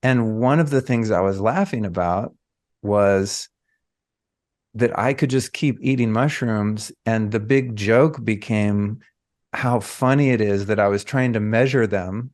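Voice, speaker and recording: A man hosting a podcast, telling a personal story in a casual, reflective way with drawn-out phrases. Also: lowish voice, a little mellow. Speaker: podcast host.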